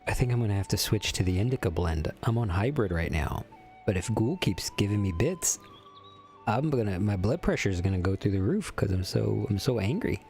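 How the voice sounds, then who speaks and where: A man's voice: lowish voice, animated, brisk, a little mellow, soft background music. A man from Texas chatting casually with viewers during a game stream, speaking in a put-on somber, theatrical voice into a filtered desk microphone.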